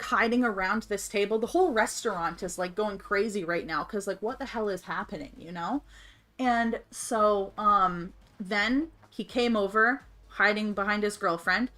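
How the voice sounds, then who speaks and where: A woman telling a story in casual, colloquial, animated talk on a livestream, swearing freely. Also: medium pitch. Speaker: streamer's wife, co-host of a gaming livestream.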